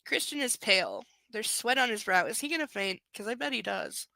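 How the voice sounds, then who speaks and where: A woman's voice: a little high, animated, a little fast, gravelly, sharp tone, no room sound. A young woman reading a romance novel aloud live, breaking off for sarcastic, profane commentary. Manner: snarky, profane commentary between passages. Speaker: book reader.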